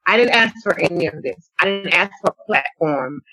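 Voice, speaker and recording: Woman telling her story on a podcast, kinda husky, bright edge, acts out what everyone said. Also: lowish voice, normal speed, dry recording, soft background music, rough recording. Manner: animated storyteller, acts out quotes. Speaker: interview guest, advocate. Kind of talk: conversational testimony.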